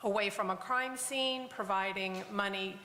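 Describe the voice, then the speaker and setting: A woman judge delivering a formal sentencing in a courtroom, speaking in a measured way. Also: medium pitch, bright, forceful tone. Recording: echoey courtroom audio.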